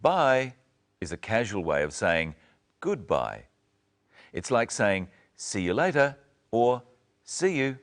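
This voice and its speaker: Man, very low voice, wide-ranging intonation, scripted lesson narration, slow clear teaching. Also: sing-song. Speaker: presenter.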